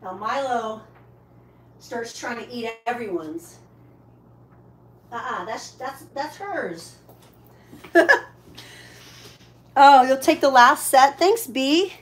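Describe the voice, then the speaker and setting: A woman's voice: high-pitched, slow, pauses often, slight background noise. A woman hosting a casual live shopping stream. She is chatty, thanks each buyer and stops to coo at her pets.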